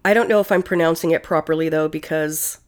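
A woman co-hosting a casual podcast chat, animated and quick to swear. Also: low-pitched. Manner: swears freely, animated storytelling.

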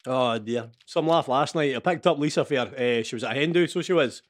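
A Scottish man co-hosting a casual sports watch-along podcast, animated, laughing often and swearing. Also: mid-range voice, a little fast. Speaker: podcast co-host.

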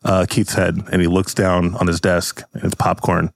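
A man's voice: low-pitched, flat delivery, normal speed, creaky, dry recording. A man narrating an improvised role-play as game master, casually with many fillers.

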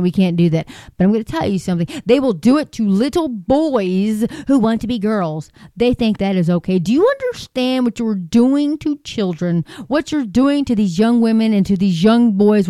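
A woman's voice: medium pitch, mellow, no echo, studio quality. A woman delivering an angry, heated rant to her viewers, with lots of repetition and rhetorical questions. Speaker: commentator. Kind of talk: angry political rant to camera.

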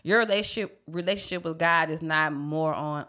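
A woman co-hosting a casual podcast, talking about faith in an animated, preachy way and acting out quotes. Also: low-pitched, normal speed, few pauses. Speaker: podcast co-host.

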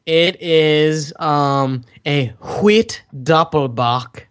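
A man co-hosts a relaxed podcast, speaking slowly in a slightly high voice. He teases his partner and drawls, with hesitant fillers. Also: clear, resonant tone. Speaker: podcast co-host. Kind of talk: casual podcast banter.

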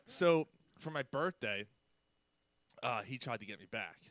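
Animated man telling stories. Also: medium pitch, measured pace, no room sound. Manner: animated storyteller, loud mimicked outbursts, laughs mid-story. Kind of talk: casual storytelling chat.

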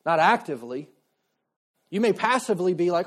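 A man preaching a sermon in a relaxed, conversational way, slipping into quoted voices as he retells a story. His voice sits a little high for a man. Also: normal speed. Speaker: pastor.

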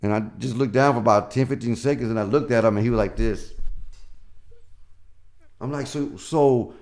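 A man's voice: mid-range voice, moderate pace, a little mellow. A middle-aged man, a stand-up comedian, telling stories in casual chat, acting out the voices of the people he quotes and swearing freely.

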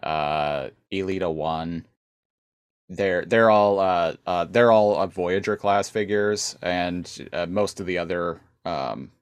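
A man's voice: low voice, takes it slowly, smooth, dry recording. A man co-hosting a podcast, recapping an episode in casual chat, rambling with many fillers and restarts. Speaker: podcast co-host.

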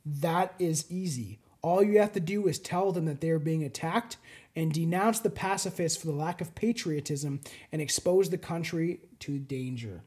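Stern older official, read out in a high voice by a man quoting him. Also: normal speed, a little mellow, natural voice. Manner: reading a quote aloud, slightly theatrical.

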